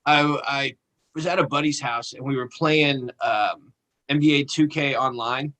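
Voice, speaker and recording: A man on a podcast telling a profane anecdote in a casual, animated way. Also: mid-range voice, a little slow, low-quality recording. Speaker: podcast co-host. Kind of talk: casual storytelling chat.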